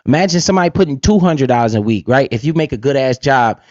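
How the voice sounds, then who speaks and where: A man's voice: medium pitch, expressive, quick pace, darkish tone, dry recording. A man hosting a casual livestream, swaggering and profane, tossing in "right?" again and again. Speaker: livestream host. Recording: dull lo-fi dry sound.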